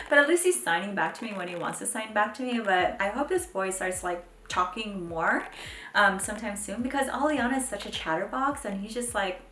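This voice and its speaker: A young woman chatting casually to camera as a mom vlogger, full of "like" and "um", with pitch jumping up when she mimics her kids. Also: animated, fairly quick, a bit bright. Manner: chatty, fills speech with "like" and "um". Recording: echoey home room, faint background noise.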